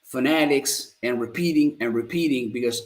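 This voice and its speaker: A man from Italy with an Italian accent, teaching Italian in a live-streamed lesson, repeating phrases slowly and staying upbeat and positive. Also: medium pitch. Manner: slow, drawn-out model phrases repeated for learners.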